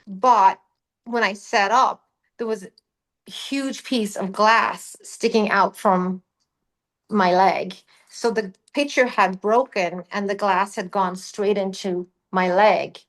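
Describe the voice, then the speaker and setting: A middle-aged Irish woman, a guest on a talk show, telling a personal story in a lively, animated way. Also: mid-range voice, slow pace. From Ireland. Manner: animated, vivid storyteller, acts out her own past words. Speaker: guest, psychic medium. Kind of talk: casual storytelling.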